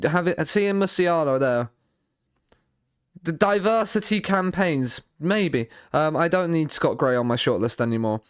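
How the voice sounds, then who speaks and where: A man streaming a football management game, thinking out loud in a rambling way, often repeating and restarting his words, with dry sarcastic asides. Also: fairly high pitch, lively intonation, unhurried, clear, resonant tone, no room sound. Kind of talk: live stream commentary while playing a football manager game.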